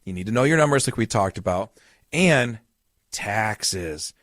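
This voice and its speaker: A man's voice: fairly low pitch, animated, unhurried, a bit bright, no room sound, clean studio sound. A man hosting a podcast as a retirement coach, explaining in a casual, storytelling way with everyday examples.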